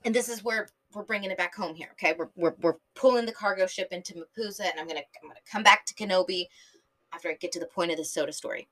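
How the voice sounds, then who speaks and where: A woman from San Diego in her thirties, hosting a podcast in a rambling casual monologue, full of fillers, swearing and sudden tangents. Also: mid-range voice. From San Diego, Southern California. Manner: animated, filler-heavy, swears freely, jumps between tangents. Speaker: podcast host.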